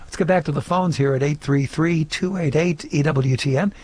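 Brisk man hosting a call-in radio show. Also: a little high, darkish tone. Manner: brisk, upbeat, reads the call-in number. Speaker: radio host.

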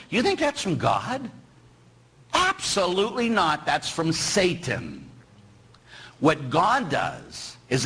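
Animated, husky-voiced male priest preaching. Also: on the high side, rough recording. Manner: animated, teasing, asks the audience questions. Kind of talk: sermon.

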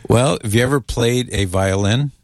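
A man's voice: medium pitch, normal speed, no room sound, clean studio sound. A man hosting a casual call-in radio show, friendly and joking with callers and his co-host.

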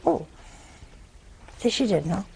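A woman's voice: mid-range voice, animated, slow, creaky, a little mellow, a little hiss or hum. A woman giving a spiritual talk, telling humorous, folksy stories in a conversational way. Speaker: religious speaker.

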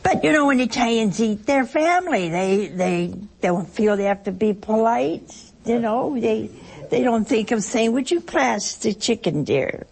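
A woman's voice: on the high side, measured pace, gravelly, darkish tone. An older woman giving a chatty, conversational sermon to a broadcast audience, telling stories and asking her listeners rhetorical questions. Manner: chatty storytelling, asks the audience rhetorical questions, laughs often. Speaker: religious speaker addressing a broadcast audience.

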